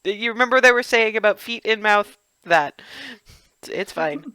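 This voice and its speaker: A woman's voice: mid-range voice, pushed and bright, clear, resonant tone, no echo. A woman narrating a tabletop game as game master, amused and often restarting her sentences. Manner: amused, halting, with frequent restarts.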